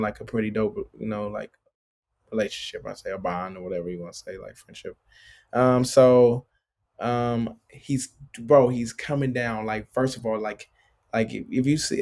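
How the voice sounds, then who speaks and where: A man in his late thirties, a guest, relates his stories in a loose, rambling way, with plenty of filler words and a habit of adding "bro". His voice sits at an ordinary middle pitch. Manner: loose and filler-heavy, constant "like" and "bro", animated retelling. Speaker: professional basketball player, guest. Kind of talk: casual storytelling interview.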